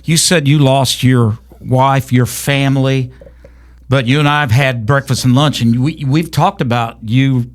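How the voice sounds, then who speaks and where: Male podcast co-host, mid pitch. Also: steady tone, unhurried. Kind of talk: casual interview chat.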